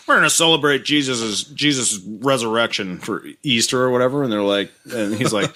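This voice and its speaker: A man co-hosting a podcast in casual chat, animated and swearing, laughing often. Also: mid-range voice, normal speed, hardly any pauses. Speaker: podcast co-host.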